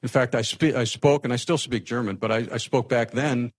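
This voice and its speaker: An older man from the United States telling a personal story to a live audience, lively and anecdotal with frequent restarts. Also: mid-range voice, brisk. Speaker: speaker telling his life story.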